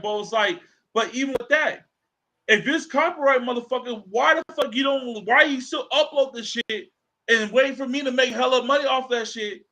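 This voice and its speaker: Bright, high-voiced man in casual talk. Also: poor audio. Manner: animated storytelling, acts out quoted dialogue, swears freely. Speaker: podcast co-host. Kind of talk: casual podcast chat.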